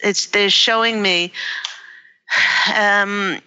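A woman giving a live-streamed spiritual card reading, halting and emotional, with many fillers. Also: lowish voice, sharp tone, dull audio. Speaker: psychic reader. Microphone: livestream device mic.

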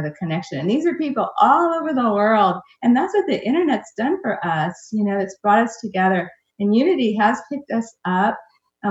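A woman guest who leads meditation groups, talking in a warm, gushing, enthusiastic way. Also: medium pitch, roomy sound, dull audio. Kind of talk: casual chat.

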